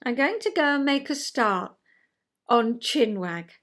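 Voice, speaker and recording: Older woman, vlogger, self-mocking and chatty, unhurried delivery. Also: on the high side, expressive, fairly bright tone. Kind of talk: reading a rhyming poem, then casual chat.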